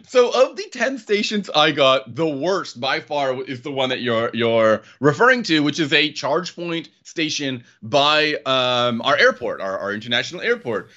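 A man's voice: on the high side, a little slow, few pauses. A man co-hosting a casual car podcast, talking with lots of fillers and restarts. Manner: animated, hesitant with many fillers and restarts. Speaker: podcast co-host. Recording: dull lo-fi sound.

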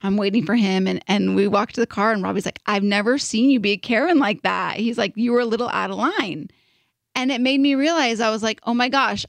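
A young woman co-hosting a podcast, telling a story in an animated, casual way with lots of "like". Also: mid-range voice, creaky, dry recording, studio quality. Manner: animated, filler-heavy storytelling with "like". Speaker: podcast co-host.

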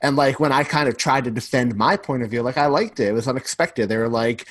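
A man's voice: medium pitch, fairly quick, no room sound. Chatty man, dry close sound. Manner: talkative, fills speech with "like". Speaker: podcast co-host. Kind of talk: casual chat.

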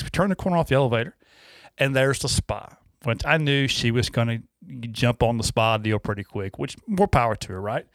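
A man telling a folksy, animated story in casual chat on a radio show. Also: fairly high pitch, brisk, no echo, studio quality.

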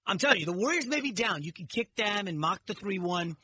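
Bright-toned storytelling sports radio man. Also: high-pitched, fast talker, slight background noise. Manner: animated storyteller, acts out quotes. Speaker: guest radio host. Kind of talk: sports talk radio debate.

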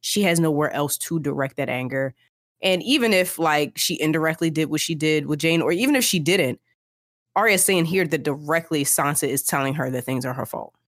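In clean, echo-free studio audio, a woman with a low voice talks briskly. As a podcast co-host, she discusses a book chapter casually but with emphasis, sounding animated and repeating herself.

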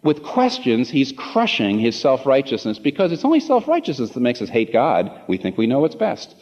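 A man's voice: mid-range voice, wildly swooping pitch, normal speed, a little mellow. Male preacher, passionate sermon, voice swinging up and down, long echo off a big church hall. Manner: impassioned, building to emphatic rhetorical questions. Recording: dull reverberant hall recording.

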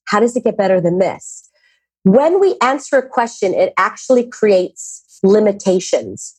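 Woman guest, husky tone, dry close sound, expressive storyteller. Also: mid-range voice, no room sound. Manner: expressive storyteller, acts out quotes. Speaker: podcast guest, teacher. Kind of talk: casual interview chat.

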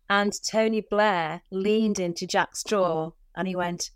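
A middle-aged woman with a softened Liverpool accent, a former cabinet minister chatting candidly and animatedly as an interview guest. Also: mid-range voice, steady tone, a little slow, hardly any pauses, dry recording, studio quality. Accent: mild Liverpool, softened toward southern English. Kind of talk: casual conversational interview.

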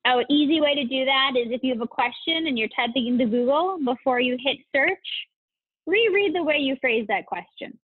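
This podcast guest has a voice that sits high, slightly rough and fairly quick, with no echo and a tinny, phone-like quality. She keeps the interview casual and excited, gushing and often breaking into laughter.

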